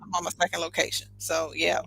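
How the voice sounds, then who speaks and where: A woman guest telling a story on a podcast in a casual, animated, emphatic way, laughing often. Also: lowish voice, fast talker, vocal fry, a little hiss or hum, low-quality recording.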